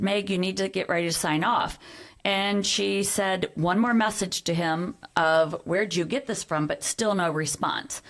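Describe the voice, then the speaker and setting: A woman's voice: mid-range voice, a bit bright. Middle-aged woman telling a personal story. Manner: earnest storytelling, acts out quoted dialogue. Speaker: podcast guest.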